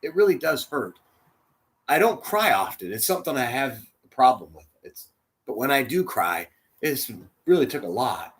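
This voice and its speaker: A man leading a church, telling a heartfelt personal story in a sermon, dropping to a hush and rising loud as he acts out the quotes. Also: medium pitch, big pitch swings, moderate pace. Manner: emotional, swings from hushed to loud, acts out quotes. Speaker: church spiritual leader.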